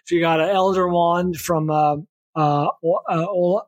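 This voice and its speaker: A man's voice: a little high, steady tone, measured pace, no echo. A man co-hosting a podcast, chatting casually with dry remarks and the odd search for a word. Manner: easygoing, dry remarks, some fumbling for words. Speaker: podcast co-host. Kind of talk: casual chat.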